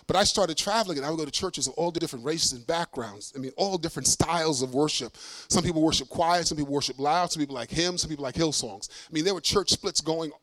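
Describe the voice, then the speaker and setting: Lively preacher from Brooklyn. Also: male voice, a little high, no echo. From Brooklyn, New York. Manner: animated, acts out voices, laughs often. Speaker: traveling preacher. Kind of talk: humorous sermon storytelling.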